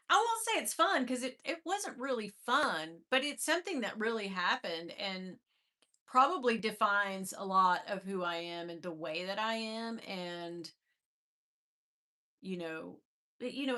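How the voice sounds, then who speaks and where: A chatty woman in her fifties talks casually on a live stream, greeting viewers one by one. Her voice sits a little high and sounds bright and forward. She laughs easily between remarks.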